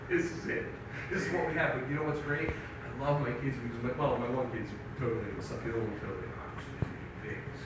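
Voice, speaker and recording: A middle-aged male stand-up comedian with a high voice, telling profane, animated stories full of acted-out quotes. He sounds distant and echoey, as if picked up from across a big theater hall. Audience noise sits clearly underneath. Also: normal speed. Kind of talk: live stand-up set. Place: live theater stage.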